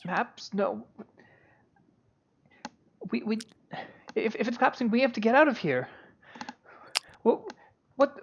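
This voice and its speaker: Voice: mid-range voice, slow pace, long pauses, lo-fi sound. A game master voicing a frightened female elf servant who stammers in panic during a tabletop game. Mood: panicked.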